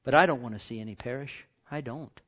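A man preaching a sermon as pastor, impassioned, moving from loud outbursts to hushed whispers. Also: medium pitch, fast talker, highs cut off.

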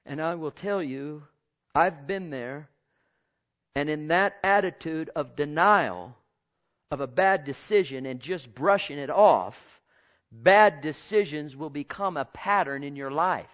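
Male pastor, fairly high voice, preaching with loud-soft swings and repeats, dull lo-fi sound. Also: measured pace. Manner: preaching with sudden swings in loudness, repeating phrases; asks the congregation direct questions. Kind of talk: sermon.

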